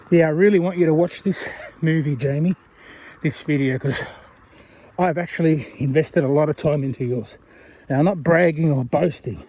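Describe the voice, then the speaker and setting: Walking along a road outdoors, an Australian vlogger chats loosely to the viewer, rambling and making fun of himself. His slightly high, mellow voice keeps a measured pace with frequent pauses.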